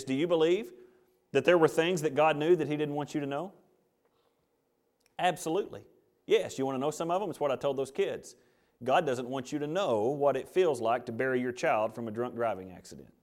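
A man's voice: mid-range voice, a little fast, darkish tone. A man preaching a sermon, reading scripture aloud and building to emphatic, rising peaks. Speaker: pastor.

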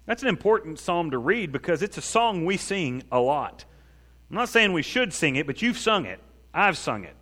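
A man's voice: on the high side, big pitch swings, moderate pace, fairly bright tone. A man preaching a sermon as a pastor, talking in a conversational way and acting out prayers. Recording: long reverb of a large hall.

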